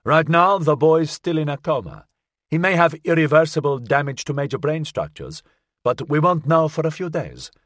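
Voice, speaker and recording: A narrator doing a slick, smug male official in an audiobook, smooth and condescending with a quiet menace. He sits a little above the narrator's usual pitch, with a lively, mocking lilt, and the recording is close and dry. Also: moderate pace, dry recording. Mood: needling.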